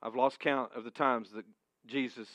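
A male pastor preaching a sermon to a congregation in a church room, emphatic and moving between booming and hushed. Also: steady tone, normal speed, dry recording, muffled recording.

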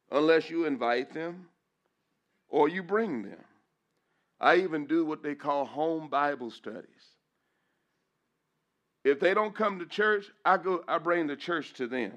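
A middle-aged pastor, emotional and at times breaking voice, preaches a testimony in church, repeating phrases and rising into praise. His voice is fairly high-pitched with a fairly bright tone.

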